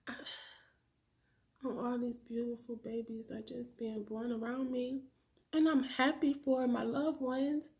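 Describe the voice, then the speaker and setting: A woman in her thirties speaking in an emotional confessional vlog, soft and halting, at times whispering and close to tears. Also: a little high, little pitch movement. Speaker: family vlogger.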